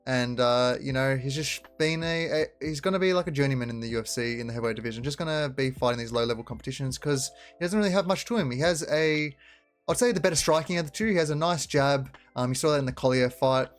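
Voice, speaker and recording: Young guy doing fight picks, sarcastic, rambly, ums everywhere, faint music behind. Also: medium pitch. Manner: sarcastic, rambling with many fillers. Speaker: betting picks host. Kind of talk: casual sports prediction talk.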